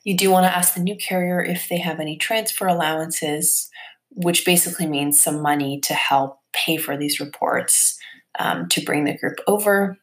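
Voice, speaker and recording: A woman's voice: sits low, moderate pace. A woman hosting a podcast, explaining things in a chatty, casual way with many fillers and asides. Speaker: podcast host.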